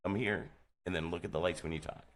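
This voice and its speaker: A man's voice: low voice, fast talker. A man hosting a live radio show from a small studio, bossily coaching his co-host with mounting exasperation. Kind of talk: live talk radio banter.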